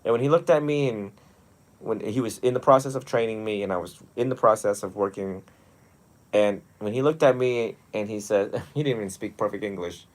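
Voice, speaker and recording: A young adult man, a monastic teacher, talking one on one in a lively storytelling way with frequent laughs. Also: lowish voice, fairly quick. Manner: animated storytelling, often laughing. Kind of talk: one-on-one mentoring talk.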